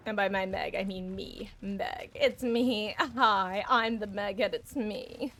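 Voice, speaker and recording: A woman's voice: medium pitch, steady tone, slow, fairly bright tone, slight background noise. A woman giving chatty, self-mocking live commentary on her game, laughing often. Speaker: streamer.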